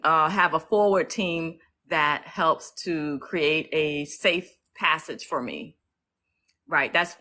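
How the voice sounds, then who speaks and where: An outspoken woman speaks into a phone on a casual livestream, her voice set a little low but bright and forceful. She talks emotionally, swears freely and stops to thank viewers by name as their comments come in. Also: low-quality recording. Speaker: livestream host and activist.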